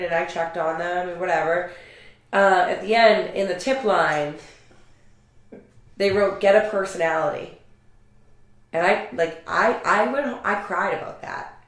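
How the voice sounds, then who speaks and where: A woman co-hosting a casual podcast, telling lively stories about customers, swearing and laughing as she talks. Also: on the low side. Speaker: podcast co-host. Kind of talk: casual storytelling chat. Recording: very echoey room.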